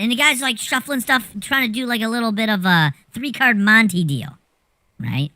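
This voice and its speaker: A woman telling a rambling anecdote in a casual, animated way, swearing freely as she goes. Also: a little high, normal speed. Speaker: storyteller.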